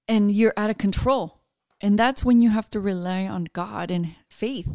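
A woman's voice: mid-range voice, moderate pace, warm tone, dry recording, clean studio sound. A woman in her thirties talking tenderly and affectionately as co-host, switching between English and Spanish. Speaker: co-host, wife. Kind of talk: heartfelt casual chat.

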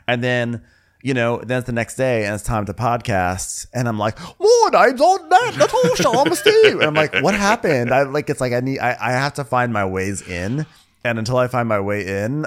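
A man's voice: lowish voice, a bit bright. A man co-hosting a casual reality-TV podcast, playful and laughing often. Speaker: podcast co-host.

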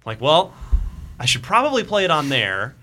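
A man hosting a gaming chat show with a bright, forward voice. His pitch swings animatedly as he jokes and moves things along, with a faint hiss of noise underneath. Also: normal speed. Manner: animated, joking, introduces segments. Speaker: podcast host. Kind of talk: casual chat.

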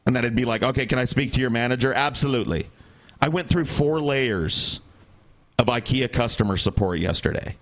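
A man's voice: medium pitch, fairly quick, fairly bright tone. A man on a podcast telling a rambling, exasperated story in casual chat, acting out the people he quotes. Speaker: podcast co-host.

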